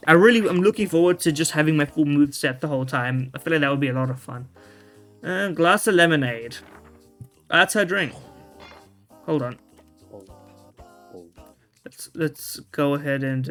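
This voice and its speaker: A man's voice: fairly high pitch, a bit bright. Rambling man narrating his gameplay. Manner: rambling, self-interrupting, casual slang and swearing. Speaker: video game streamer. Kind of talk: casual gameplay commentary. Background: faint game music.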